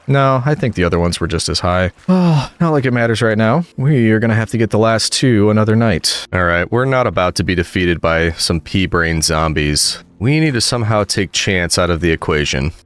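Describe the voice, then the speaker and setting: A low-voiced man narrating his own gameplay in a chatty, excitable way. He talks straight to the creatures on screen, coaxing and scolding them, then explains his plans to the viewer. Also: normal speed, hardly any pauses, clear, resonant tone. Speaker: gaming video creator. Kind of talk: gameplay commentary.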